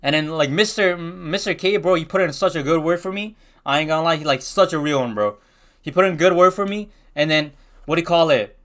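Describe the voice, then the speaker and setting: A man's voice: on the high side, brisk, fairly bright tone. A young man casually telling a rambling storytime, full of slang and restarts.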